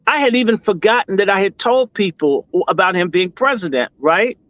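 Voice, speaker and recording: A middle-aged man from Washington, D.C. with a high voice, telling a story in a heated, profane way that breaks into loud bursts. The sound is dry and close, with no room around it. The recording is dull and slightly lo-fi. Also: expressive, moderate pace, dry recording. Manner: impassioned, profane, swings to loud outbursts. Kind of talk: storytelling in a discussion.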